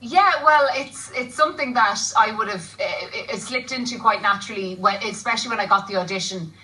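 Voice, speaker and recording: A woman's voice: fairly high pitch, brisk, sharp tone, distant mic, rough recording. A woman, an actress guest, chatting casually on a TV show, laughing often and rambling a little. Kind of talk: casual TV chat. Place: TV studio.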